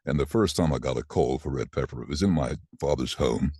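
Man, sixties, extremely low voice, dry close sound, animated storyteller, interview guest. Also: fairly quick, slightly rough, dry recording. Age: 60s. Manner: chatty, animated anecdotes with laughs.

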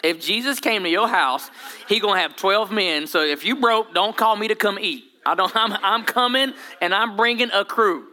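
Lively preacher man, bright voice. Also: high voice, normal speed. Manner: lively preaching with humor and dramatic voice drops. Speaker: pastor. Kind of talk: sermon.

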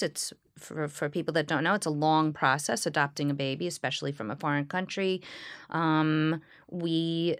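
A woman, a Reformed Jewish clergy member, speaking in a reflective interview with a smile in her voice and earnest, halting storytelling. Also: low-pitched, fairly bright tone, smooth, no echo, clean studio sound. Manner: smiling, earnest storytelling with frequent pauses and restarts. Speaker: Reformed Jewish clergy leading healing services.

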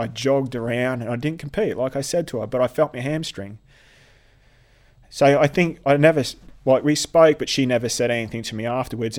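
Man recounting a painful story haltingly. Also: mid-range voice. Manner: halting, repeats words, restarts; blunt, swears when upset. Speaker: interviewee, veteran athlete. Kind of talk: personal storytelling.

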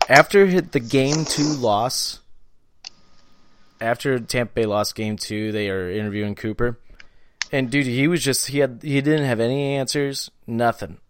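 A man co-hosting a casual hockey podcast, relaxed and profane, with lots of "like" and "dude". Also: medium pitch, unhurried, clear, resonant tone, no echo. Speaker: podcast co-host. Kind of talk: casual sports chat.

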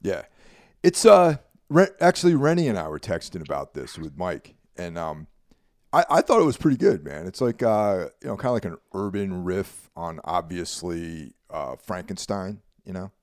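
Deep, lively laid-back man. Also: normal speed, dry recording, clean studio sound. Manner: laid-back, rambling, leans on "you know what I mean". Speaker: podcast co-host. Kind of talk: casual chat.

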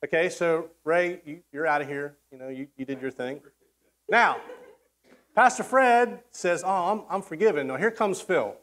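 A man's voice: on the high side, lively intonation, a little slow, fairly bright tone. Conversational male pastor preaching. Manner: conversational, acts out quoted voices, frequent restarts. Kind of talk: sermon.

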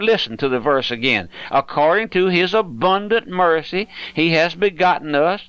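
A man's voice: fairly high pitch, fairly bright tone, dry recording. An older man preaching a fervent radio sermon, pleading directly with the listener. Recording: dull lo-fi radio recording.

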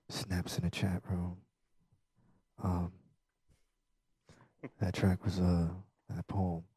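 Male podcast host, easygoing and talkative, low-pitched, recorded dry. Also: warm tone, breathy edge, dry recording. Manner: chatty, loose, laughs easily, lots of fillers. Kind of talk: casual podcast chat.

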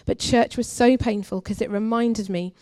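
A young adult woman, a guest preacher at a church, giving an earnest, confessional testimony that moves between forceful and hushed. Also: fairly high pitch, fairly even intonation, normal speed. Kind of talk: personal testimony sermon.

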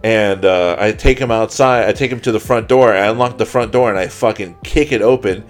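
A man's voice: lowish voice, a little fast, soft background music. A young man co-hosting a podcast, telling a long rambling story full of swearing and acted-out quotes. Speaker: podcast co-host. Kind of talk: casual storytelling.

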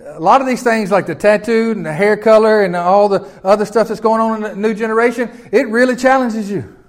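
High-voiced older Southern pastor preaching. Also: male voice, a little fast. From Memphis, Tennessee. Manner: folksy, conversational, peppered with rhetorical questions to the congregation. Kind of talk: sermon.

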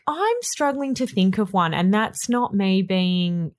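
A woman's voice: mid-range voice, expressive, unhurried. A woman co-hosting a casual podcast, chatty and playful, laughing often. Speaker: podcast co-host. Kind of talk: casual chat.

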